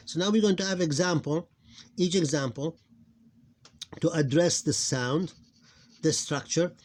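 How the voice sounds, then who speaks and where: Hesitant man teaching phonics, fairly high voice. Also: darkish tone. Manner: hesitant, many fillers, slows down to sound out words. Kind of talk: explaining a lesson on screen.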